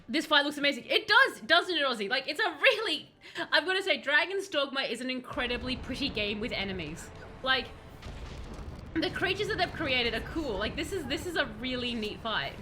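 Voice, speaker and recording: A woman with a high, bright voice runs live commentary over a game, chatty and excitable as she talks to the figures on screen. Faint game music plays under her voice. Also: moderate pace. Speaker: streamer.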